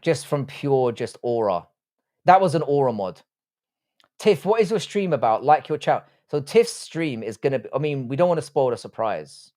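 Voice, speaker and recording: A man hosts a live stream, reading out viewer messages and answering them off the cuff. He speaks at an ordinary middle pitch and trades crude, swear-filled insults in a joking, bantering way. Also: expressive, moderate pace, mellow. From England. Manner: profane mock-insult banter.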